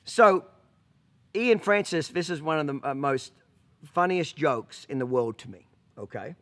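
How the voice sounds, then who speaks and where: Brief: outspoken male horse trainer, swearing freely, a bit high-pitched, talking to camera. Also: animated, a little slow, a bit bright. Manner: blunt and profane, keeps asking "okay?". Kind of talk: casual monologue to camera.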